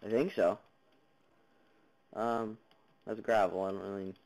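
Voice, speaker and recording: A man's voice: lowish voice, steady tone, a little slow, gravelly, a little mellow, poor audio. A man giving jumpy let's-play commentary on a block-building game, chattering at monsters and viewers with sudden yelps, recorded on a basic computer mic. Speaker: gaming channel host. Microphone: basic computer mic, no headphones.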